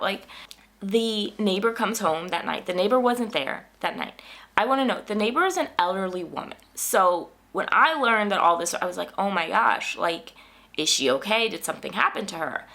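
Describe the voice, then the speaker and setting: A woman vlogger in casual, animated storytelling, whose voice jumps up when she quotes herself in exasperation. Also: a little high, normal speed. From United States.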